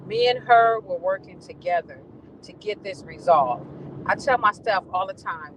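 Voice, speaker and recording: Brief: lively woman vlogger telling a story with plenty of swearing, in a car with faint road noise behind. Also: mid-range voice, moderate pace. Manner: animated, profane storytelling. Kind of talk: casual venting monologue. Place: in a car on the ride home.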